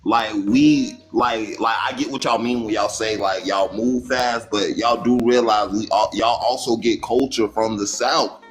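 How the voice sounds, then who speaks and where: A man's voice: fairly low pitch, steady tone, unhurried, few pauses, soft background music, poor audio. A man from Florida in a casual panel debate, talking loosely with lots of "like" and plenty of swearing. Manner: loose and profane, hedging with lots of "like".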